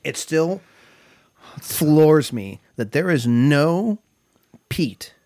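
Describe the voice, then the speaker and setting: A man co-hosting a casual whiskey tasting podcast, relaxed and savoring, often trailing off mid-thought. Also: a little high, drawn-out words, no room sound.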